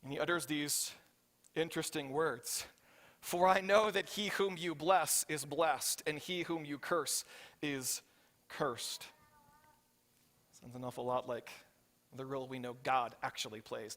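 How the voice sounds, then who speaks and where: A man preaching a sermon as pastor, telling the story with animated voices for the characters and often checking in with the congregation. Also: a little high, measured pace. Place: church hall. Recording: reverberant hall.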